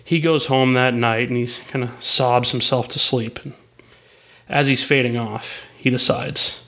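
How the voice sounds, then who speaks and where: A man's voice: medium pitch, steady tone, measured pace, fairly bright tone. A man telling a long story in a rambling way, with restarts and asides. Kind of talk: spoken storytelling.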